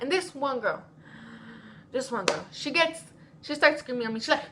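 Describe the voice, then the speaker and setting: A woman's voice: a little high, fast, slight background noise. A teenage girl telling a school drama story as a casual vlog, acting out what everyone said. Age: teens. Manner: animated, reenacting quotes. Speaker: vlogger.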